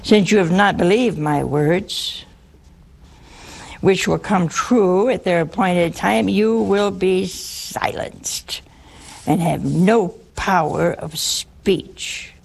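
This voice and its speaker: A woman voicing a stern male archangel, speaking in a measured, solemn way. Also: lowish voice, creaky, slightly rough, full character voice.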